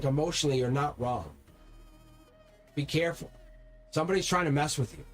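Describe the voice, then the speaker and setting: A man giving a live-stream tarot reading, speaking straight to viewers in a rambling, repetitive way and swearing when he gets heated. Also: fairly high pitch. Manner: rambling, repeats words and restarts. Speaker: tarot reader.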